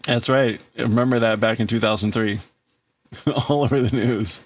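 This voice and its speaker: A man hosting a livestream, casually translating manga aloud and thinking out loud in broken-up phrases. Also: mid-range voice, fairly even intonation, normal speed. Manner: thinking aloud, breaking up phrases, laughing at himself. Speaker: livestream host.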